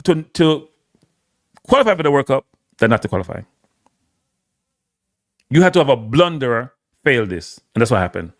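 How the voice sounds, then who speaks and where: A man with a Jamaican accent gives opinionated solo football commentary in a mid-range, sing-song voice at a moderate pace with long pauses, recorded in clean studio sound without echo. He speaks emphatically, repeating phrases for stress and slipping into patois.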